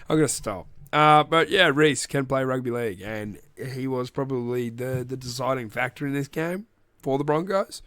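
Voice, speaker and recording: A man's voice: mid-range voice, moderate pace, fairly bright tone, no echo, studio quality. An Australian man hosting a casual sports recap podcast, rambling, joking and swearing freely. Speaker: podcast host.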